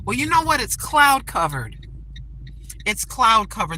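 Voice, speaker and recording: Driving down the road, an older woman chats with her viewers in a folksy, religious way, pleading with them to subscribe to her channel. Her voice is a little high and very animated, with a measured pace. The audio is poor, with loud road noise from the moving car.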